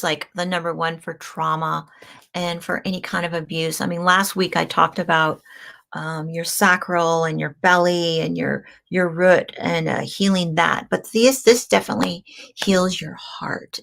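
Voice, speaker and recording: A woman with a lowish, slightly bright voice and vocal fry hosts a crystal healing show as a casual live-stream. She rambles chattily, laughs often, and fills her talk with ums and restarts.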